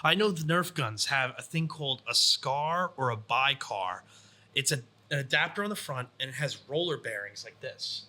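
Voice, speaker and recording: A man's voice: mid-range voice, lively intonation, normal speed, bright, forceful tone. A man hosting a podcast in casual chat, rambling with lots of fillers from an indoor studio. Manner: rambling, heavy use of fillers. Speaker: podcast host.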